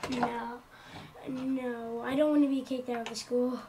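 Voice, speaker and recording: Slow, hesitant high-voiced woman player. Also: flat delivery, background noise. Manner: hesitant, halting.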